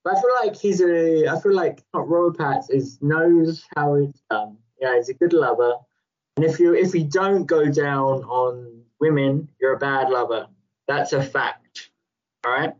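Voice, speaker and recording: A man's voice: a little high, unhurried. Guy rambling casually on a podcast, laughs a lot, kinda muffled lo-fi audio. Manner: rambling, laughs often, playful. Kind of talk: casual chat. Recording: dull lo-fi sound.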